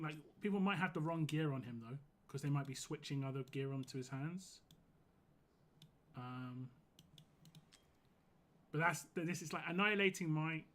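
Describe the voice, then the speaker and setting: A hoarse man streaming a game live, giving casual, rambling commentary full of "like". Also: medium pitch, fairly bright tone, a little hiss or hum. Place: home gaming setup.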